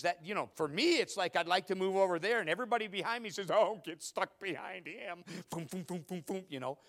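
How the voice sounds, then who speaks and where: A middle-aged man preaching a sermon, telling stories with loud outbursts and hushed asides. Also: sits high. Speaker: pastor.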